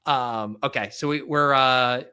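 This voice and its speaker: A man's voice: mid-range voice, unhurried, pushed and bright, clean tone. A man hosting a casual fantasy football draft podcast, loose and self-mocking, swearing offhandedly. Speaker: podcast host.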